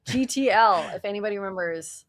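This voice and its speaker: A woman co-hosting a sports podcast in lively, casual chat, laughing easily. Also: medium pitch, a little fast, no room sound, clean studio sound. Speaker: podcast co-host.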